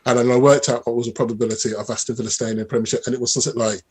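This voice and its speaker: Animated husky man telling stories. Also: mid-range voice, rapid-fire. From Birmingham, England. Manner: animated storyteller, many restarts. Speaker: mathematician guest. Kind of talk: conversational interview.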